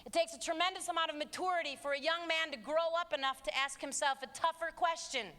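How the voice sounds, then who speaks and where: Middle-aged woman, stage speaker, sharp bright voice, sarcastic and emphatic, long hall echo. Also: extremely high pitch, steady tone, fast talker. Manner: emphatic and sarcastic, swinging between hushed and shouted. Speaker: speaker addressing students and parents. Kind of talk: live motivational talk. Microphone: handheld stage mic.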